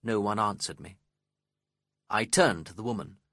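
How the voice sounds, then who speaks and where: A man reading a story aloud as its narrator, in a slow, measured and expressive way. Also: lowish voice, dry recording, clean studio sound.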